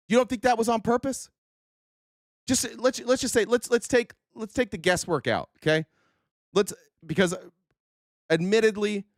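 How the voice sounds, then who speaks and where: A man's voice: high voice, dry recording, clean studio sound. A male host giving a heated political commentary rant, firing profane rhetorical questions at his audience.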